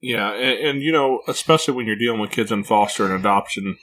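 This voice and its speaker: A man's voice: on the low side, fast talker, fairly bright tone. A man hosting a casual podcast conversation as a parent, speaking reflectively with frequent repeated words.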